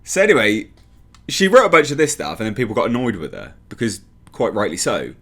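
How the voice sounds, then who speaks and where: A man's voice: mid-range voice, very animated, a little fast, fairly bright tone, slightly rough. Sarcastic ranting man. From United Kingdom. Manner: sarcastic, exasperated, mocks others in put-on voices. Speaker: commentary vlogger. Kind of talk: ranting commentary.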